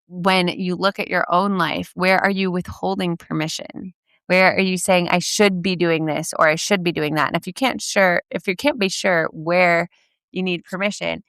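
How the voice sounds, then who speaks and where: A woman's voice: lowish voice, fairly bright tone, smooth, dry recording, clean studio sound. A woman hosting her own podcast, talking casually as a coach, chatty with lots of "like" and "you know", laughing now and then. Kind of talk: casual solo podcast talk.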